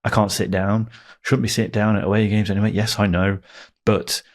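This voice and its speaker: A man in his thirties co-hosting a casual football podcast, making dry, wry remarks with halting repeats. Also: on the low side, flat delivery. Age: 30s. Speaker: podcast co-host.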